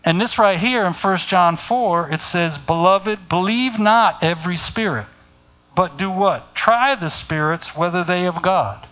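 A middle-aged man delivering a sermon in a slow, unhurried cadence. His voice sits a little high for a man. He speaks deliberately and keeps pointing his listeners to scripture. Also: a bit bright, rough recording. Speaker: preacher.

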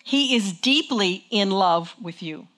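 A woman preaches a sermon in a church full of people, her medium-pitched voice animated and fairly bright at a moderate pace. She keeps it conversational, checking in often with "okay?" and leading the congregation in call and response.

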